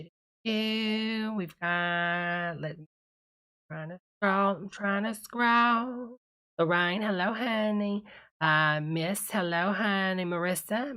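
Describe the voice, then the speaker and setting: A woman's voice: mid-range voice, pushed and bright, smooth. A woman playing a gushing, tipsy church lady who hosts a live stream, calling her viewers honey and drawling chatty asides. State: tipsy from a cocktail. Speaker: livestream host reading chat.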